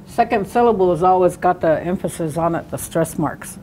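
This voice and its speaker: A woman teaching a language class, sounding out words slowly syllable by syllable. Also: fairly low pitch, mellow, slight background noise. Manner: slow, drawn-out syllable-by-syllable pronunciation.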